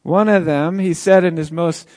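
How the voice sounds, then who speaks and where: A man's voice: a little high, fairly even intonation, moderate pace, a little mellow, no room sound, clean studio sound, natural voice. An actor playing a formerly paralyzed man who tells his own healing in an earnest first-person dramatic monologue. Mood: excited. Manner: earnest, storytelling, with chuckles.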